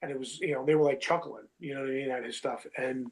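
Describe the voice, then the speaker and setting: A man's voice: mid-range voice, steady tone, fast, noisy background. A man in his thirties, a wrestler telling a long story in a casual interview, full of fillers like "you know what I mean" and "bro".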